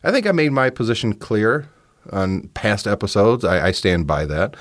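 A man with a lowish, animated voice hosts a casual solo podcast at normal speed, sharing his views conversationally and repeatedly restarting sentences. The audio is studio quality with no room sound.

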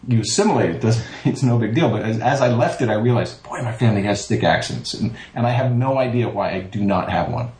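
A man's voice: medium pitch, quick pace, few pauses, echoey room, rough recording. A man, a voice actor, chatting casually in an interview and acting out the people he quotes. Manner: animated storyteller, acts out quotes. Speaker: voice actor, guest.

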